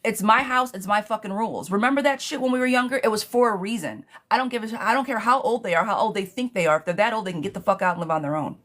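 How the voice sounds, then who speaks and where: A woman's voice: medium pitch, very fast, few pauses. Blunt, profane woman giving tarot advice. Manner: blunt, profane, animated advice with frequent "girl". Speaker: tarot reader. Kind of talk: live-streamed tarot reading.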